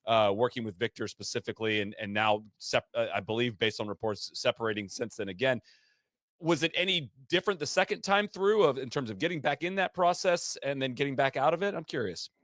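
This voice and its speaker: A man's voice: medium pitch, fairly bright tone, no echo, clean studio sound. A man hosting a podcast, asking long, meandering questions with many restarts. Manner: halting, rambling questions with restarts. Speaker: podcast host. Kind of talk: casual podcast interview.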